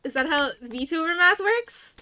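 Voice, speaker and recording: A woman VTuber with a New Jersey accent, chatting casually with her stream chat, playful and quick to laugh. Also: very high-pitched, expressive, bright, forceful tone, slight background noise.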